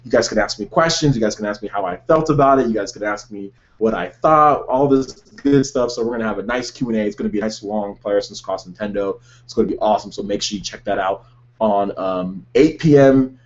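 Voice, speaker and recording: Breathless, excited gaming vlogger man. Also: on the low side, fast talker, dull audio. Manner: enthusiastic, rambling with fillers. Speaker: gaming channel host. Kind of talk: casual vlog talk to viewers.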